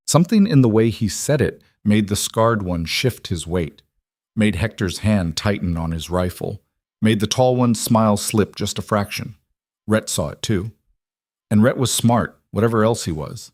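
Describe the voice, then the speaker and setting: A man narrating a western story in a measured, grave storytelling manner. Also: on the low side, expressive, a little mellow, dry recording, studio quality.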